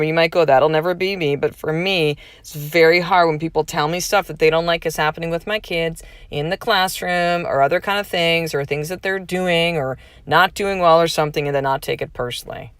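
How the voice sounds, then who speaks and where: Woman podcast host in her thirties, lowish voice, frank and casual with salty language, dry close recording. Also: brisk, smooth, no echo. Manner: frank and casual, swears freely, animated emphasis. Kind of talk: candid motivational monologue.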